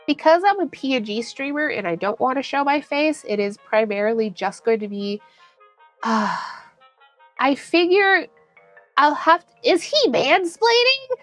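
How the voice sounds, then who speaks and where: Bubbly high-voiced woman streamer chatting. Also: lively intonation, measured pace, faint music behind. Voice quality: put-on higher bright stream voice. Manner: bubbly, giggly, chatty with viewers. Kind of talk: casual live-stream chat.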